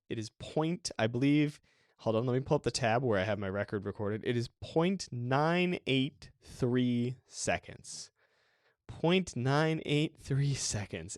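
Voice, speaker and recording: A man's voice: lowish voice, dry recording, clean studio sound. A man hosting a podcast, talking casually and enthusiastically about a video game, rambling a bit with restarts and small laughs. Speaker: podcast host. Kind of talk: casual game review monologue.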